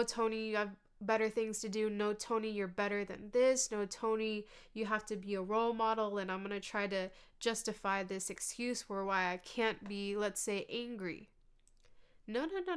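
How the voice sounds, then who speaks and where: A woman hosting a podcast, speaking in an earnest, gentle self-help monologue that sometimes sinks to a soft whisper. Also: on the high side, smooth. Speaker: podcast host.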